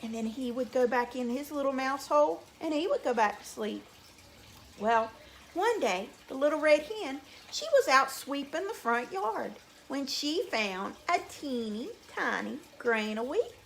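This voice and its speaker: A teacher reading a folk tale aloud to young children, animated and drawn out. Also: female voice, sits high, unhurried, slight background noise.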